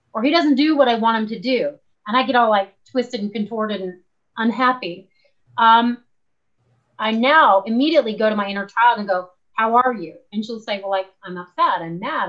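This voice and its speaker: This woman, a guest author in a conversational interview, has a fairly high-pitched voice. She tells stories with energy and acts out each voice she quotes. The audio lacks high frequencies.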